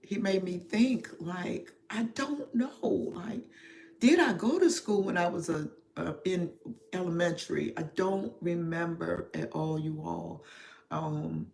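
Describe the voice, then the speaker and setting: Emotional middle-aged woman, slow confiding talk. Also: fairly low pitch, vocal fry, a little mellow, a little hiss or hum. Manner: slow, reflective, heavy with pauses and fillers. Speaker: spiritual therapist hosting a livestream. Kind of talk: confessional livestream talk.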